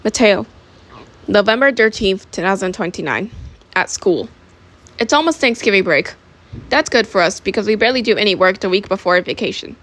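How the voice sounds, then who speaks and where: A woman's voice: medium pitch, animated, normal speed, a bit bright. A teenage girl reading her own story aloud in a casual, offhand way, giggling at her own jokes. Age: teens. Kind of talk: casual amateur audiobook reading.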